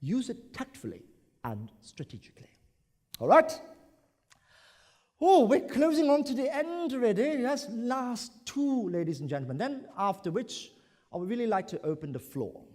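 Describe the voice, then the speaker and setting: Animated man speaking in a hall. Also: very high voice, moderate pace. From Brunei. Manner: animated, acts out examples. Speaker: conference speaker. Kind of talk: conference talk. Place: large conference hall. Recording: echoey conference hall.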